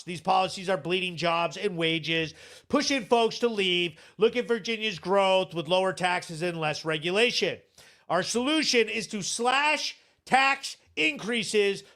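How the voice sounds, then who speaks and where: Profane, sarcastic high-voiced man ranting. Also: bright, forceful tone. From Vermont. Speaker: live show host. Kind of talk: casual livestream commentary.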